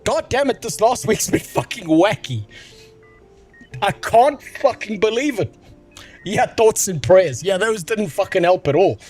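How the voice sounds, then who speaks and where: Guy streaming sick, swears a lot, kinda high voice, music going behind. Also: unhurried, slightly rough. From South Africa. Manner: profane, excitable, rambling. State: sick and medicated. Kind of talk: casual livestream chat.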